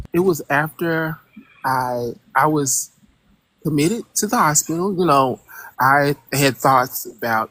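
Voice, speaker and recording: A caller on a call-in show who talks casually and hesitantly, with many fillers, searching for words and growing animated when incredulous. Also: medium pitch, dry recording.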